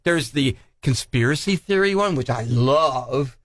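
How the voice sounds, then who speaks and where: A man's voice: medium pitch, lively intonation, unhurried, fairly bright tone, dry recording. An older man hosting a radio show, chatting in the studio in an enthusiastic, laughing way. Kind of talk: casual studio chat.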